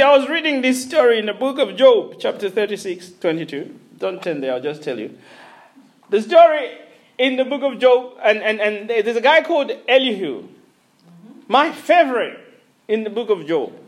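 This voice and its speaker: Animated high-voiced male preacher. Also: normal speed. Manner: animated storytelling with frequent chuckles and restarts. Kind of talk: sermon.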